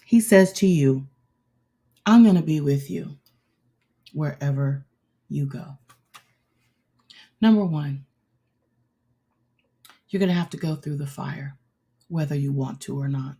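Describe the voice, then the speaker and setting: A woman's voice: sits low, slow, pauses often, mellow. A woman preaching a sermon as a show host, emphatic and repetitive as she urges on her listeners.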